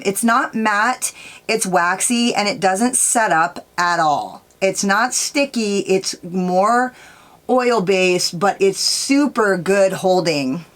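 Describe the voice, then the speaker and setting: A woman with a mid-range, slightly bright voice vlogs while doing her makeup. She tells a rambling, profane story, sprinkling in "like" and "dude" throughout.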